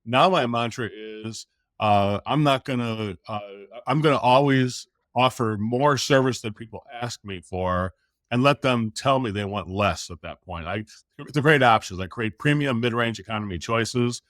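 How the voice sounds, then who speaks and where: A middle-aged man appears as a podcast guest, animatedly acting out quotes while casually recounting a story. His voice is mid-range and his pace moderate. There's no room sound, and the quality is studio-grade.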